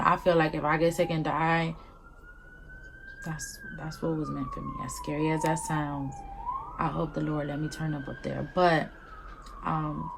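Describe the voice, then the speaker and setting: A woman's voice: low voice, creaky, background noise. Blunt, profane young woman podcaster. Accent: Southern Californian. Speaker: podcast host. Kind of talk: casual solo podcast chat.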